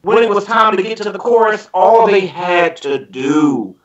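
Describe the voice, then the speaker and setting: Guy guest on a podcast, lively and bouncy, sings bits of songs, kinda muffled lo-fi sound. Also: sits high, unhurried. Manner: animated, breaks into snatches of song when describing a show. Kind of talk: casual podcast chat.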